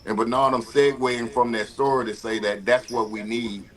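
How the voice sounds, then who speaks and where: A man, a guest telling animated stories with frequent fillers and restarts. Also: mid-range voice, normal speed. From Mississippi, US. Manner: animated storyteller, frequent uh and repeated words. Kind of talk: conversational storytelling.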